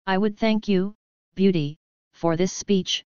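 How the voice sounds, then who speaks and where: A woman voicing a gentle, sorrowful male beast in a storybook reading, with a gruff, awkwardly polite manner. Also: mid-range voice, slow, no room sound, highs cut off, natural voice. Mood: melancholy.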